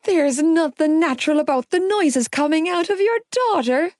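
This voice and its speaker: A woman's voice: high voice, very animated, measured pace, a little mellow, no room sound, studio quality, pitched above the performer's own voice. A woman doing a wailing, panicky lad. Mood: panicked, whining. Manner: wailing, whiny and exasperated. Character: panicky young Irish man, driving, whining.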